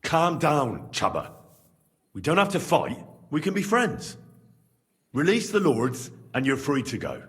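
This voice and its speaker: A man voicing a calm, persuasive rebel leader who urges peace in a game cutscene, heard from a distance. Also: a little high, measured pace. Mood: persuading.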